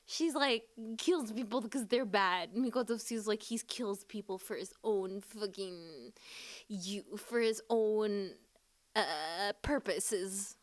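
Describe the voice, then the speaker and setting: A young woman streaming live and reacting, excitable and gushing, swearing often. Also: medium pitch, takes it slowly. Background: faint music.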